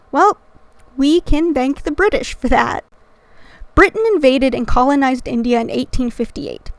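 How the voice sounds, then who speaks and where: A woman's voice: high-pitched, no echo. A woman hosting her channel, reading a scripted educational narration earnestly and dropping in casual slangy asides. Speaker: channel host.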